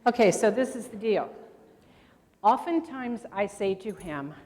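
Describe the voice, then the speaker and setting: An older woman, medium in pitch with a dark tone, talks animated but a little slowly as she presents grammar at a convention workshop. She's chatty and quizzes the audience; long reverb fills the large hall.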